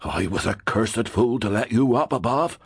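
An actor playing a wise, protective old man who speaks in an old-fashioned rustic dialect, measured and grave. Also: fairly low pitch, expressive, vocal fry, slightly rough, no room sound, studio quality, full character voice. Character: wise old male gyptian elder, protective.

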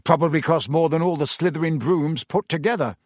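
Man playing a loud, excitable teen boy with a raised voice and a dry, close sound. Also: high voice, unhurried, breathy edge, dry recording, voice pushed up, heavily acted. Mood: excited. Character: excitable, blustering teenage boy.

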